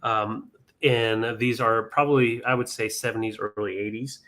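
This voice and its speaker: A man's voice: lowish voice, fairly even intonation, normal speed, fairly bright tone. A man hosting a live vintage sale stream, chatting casually with many ums and counting down bids.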